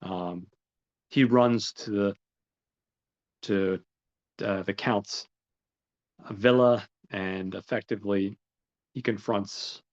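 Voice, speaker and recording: A man's voice: lowish voice, fairly even intonation, slow, long pauses. A man hosting a podcast, casually retelling a story's plot and quoting the characters with lots of "he's like". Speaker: podcast host. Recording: dull lo-fi recording.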